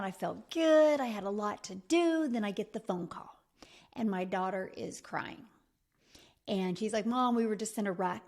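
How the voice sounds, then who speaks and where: Speaking as a business mentor, a middle-aged woman gives a motivational talk in a slightly high, a little mellow voice. She's emphatic and repetitive, addressing the listener directly as a friend.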